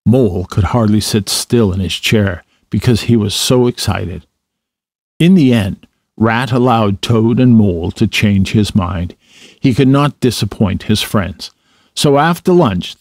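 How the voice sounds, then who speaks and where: A man reads a children's story aloud in an even, mid-pitched voice, unhurried and measured. The recording is close and dry with no room sound. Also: no echo. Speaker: narrator.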